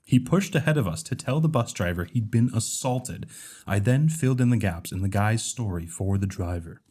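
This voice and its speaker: A man's voice: on the low side, expressive, normal speed, a little mellow, slightly rough. A man hosting a casual comedy podcast, reading a story aloud and handing out roles. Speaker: podcast host.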